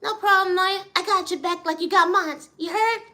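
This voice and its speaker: A man voicing a high, squeaky encourager who gives a spoken-word pep talk and keeps saying "neighbor" and "you know.". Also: steady tone, moderate pace, sharp tone, exaggerated voice. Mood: fervent.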